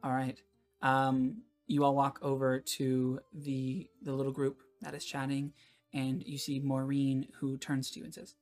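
A woman's voice: a bass voice, completely flat delivery, unhurried, darkish tone, soft background music. A woman narrating a tabletop game as game master, in a casual way with fillers.

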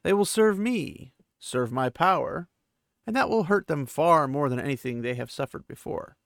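Scornful ancient sorcerer villain, cold mockery, gravelly edge, dry close sound, as a man reads him. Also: a little high, expressive, moderate pace, a bit bright, dry recording. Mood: menacing. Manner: cold, mocking and threatening.

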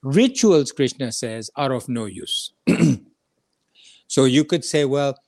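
A man teaches a scripture lesson in a conversational, earnest way, stopping to repeat his main points. His voice sits at an ordinary middle pitch. The sound is dry, with no room echo. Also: lively intonation, slow, darkish tone.

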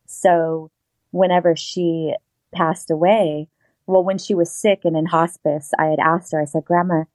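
A woman's voice: on the low side, steady tone, measured pace, a little mellow, dry recording. A woman guest telling a personal story in casual interview talk, acting out the voices she quotes.

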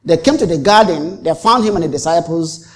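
Here a pastor preaches a little fast, his mid-range voice full of lively intonation. He's dramatic, acting out the exchanges he recounts and repeating and restarting phrases for emphasis.

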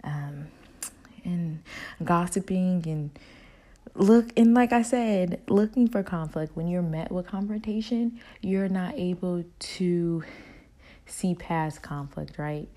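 A woman's voice: fairly low pitch, slow. A young woman hosting a casual talk show, recounting a work conflict animatedly and then reflecting on it. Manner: animated retelling, acting out both sides of a conversation. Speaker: podcast host.

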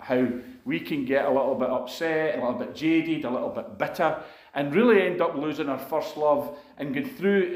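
A man preaching a sermon, his voice sitting a little high for a man as he recounts a personal story. His delivery is earnest and conversational, full of asides to the congregation. The sound rings around an echoey room. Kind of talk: sermon testimony.

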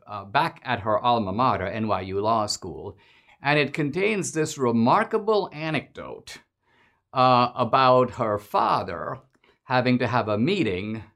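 A man's voice: lowish voice, fairly bright tone. A man hosting a podcast, giving an emphatic, mocking political commentary monologue. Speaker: podcast host.

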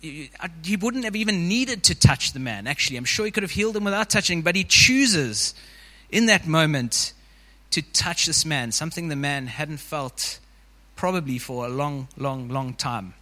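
A man delivers a relaxed, conversational sermon to his congregation, his voice a little high and strikingly bright. He keeps talking in an easy, informal way and leans on "you know" again and again. The sound carries the long reverb of a large hall. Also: moderate pace. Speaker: preacher.

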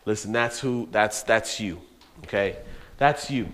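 A man preaching a youth sermon, telling a story with lively, laughing energy and talking straight to the young listeners. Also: fairly low pitch, measured pace. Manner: animated storytelling, laughs often, addresses listeners as bro. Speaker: youth pastor.

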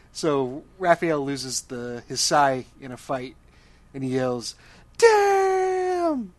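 A man's voice: medium pitch, takes it slowly, no echo. Male podcast co-host, wry and self-mocking, dry close recording. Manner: wry, self-deprecating, laughs often. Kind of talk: casual chat.

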